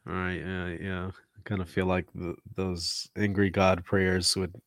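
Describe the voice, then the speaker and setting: A man with a fairly low voice leads a casual interview, listening closely and offering short affirmations. His questions come out in a loose, searching way, recorded close and dry with no room sound. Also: flat delivery, a little slow, fairly bright tone, dry recording. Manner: attentive, asks questions, frequent affirming murmurs.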